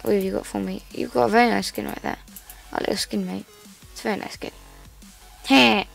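A woman's voice: medium pitch, steady tone, a little fast, vocal fry. A woman giving casual, playful gameplay commentary, chatty and self-mocking as she plays. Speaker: gamer. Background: faint background music.

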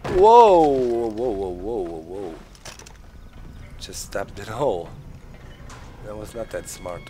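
A man's voice: lowish voice, expressive, slow, background noise. A man whose first language is German, commentating his gameplay live and swearing in frustrated outbursts at the game. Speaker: gaming video host.

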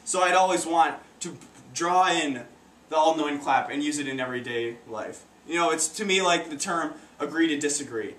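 Awkward teen stand-up, far from the mic. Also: male voice, a little high, moderate pace, a bit bright. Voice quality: stumbling, awkward, many restarts. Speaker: stand-up comedian. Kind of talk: amateur stand-up comedy. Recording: roomy, distant, faint noise.

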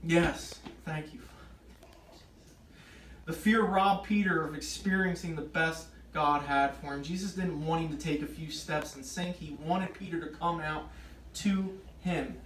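A man's voice: fairly high pitch, a little slow. A man preaching at an informal Bible study. He reads scripture aloud and grows emphatic as he explains it. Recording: echoey room, voice from far off, faint noise.

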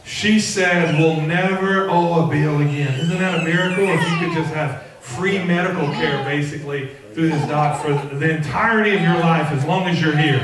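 A pastor preaching an animated, jokey sermon and acting out the voices of others. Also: male voice, fairly high pitch, moderate pace, hardly any pauses, background noise. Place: large church sanctuary. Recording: echoey church hall, mic far off, congregation audible.

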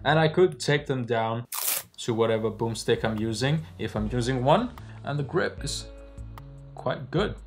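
A man's voice: mid-range voice, animated, unhurried, faint music behind. A man hosting a casual gear review vlog, joking and explaining, recorded outdoors on a windy day with a lavalier mic. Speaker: video host reviewing filming gear. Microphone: lavalier mic into a phone.

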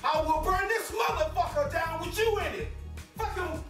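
A man's voice: medium pitch, animated, brisk, natural voice. Brief: man playing a recovered-addict counselor husband, drawl, fills talk with "you know", heard from a distance over a movie score. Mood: furious, shouting. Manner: explosive profane yelling when angry. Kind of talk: film acting. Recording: roomy distant film sound with music score.

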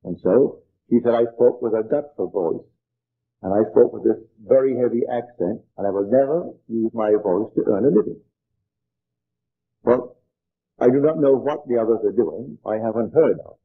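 An older man giving an earnest spiritual lecture, telling stories in a measured way, on an old archival tape. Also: medium pitch, husky, phone-quality sound.

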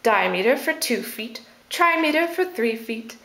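Woman teacher explaining poetry, fairly high, unhurried voice; playful asides; echoey room. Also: lively intonation, gravelly, sharp tone. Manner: slow and deliberate, playful asides, sounding out stresses.

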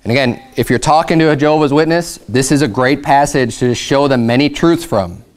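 A male pastor preaching a conversational sermon, emphatic and explanatory, slowing down to read scripture. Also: mid-range voice.

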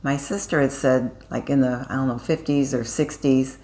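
Picture an older woman from Iowa settling into a relaxed chat, her voice sitting remarkably low for a woman. She co-hosts, rambles a little and fills her stories with small pauses and fillers. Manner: chatty, rambling, warm storytelling with many fillers. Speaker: co-host. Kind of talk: casual chat.

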